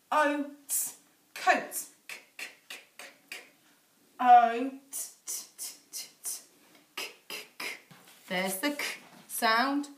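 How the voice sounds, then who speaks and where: Slow, high-voiced teacher sounding out letters. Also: female voice, fairly bright tone. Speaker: infant school teacher. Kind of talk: phonics lesson for young children. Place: home, echoey room. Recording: echoey room, voice a little far off.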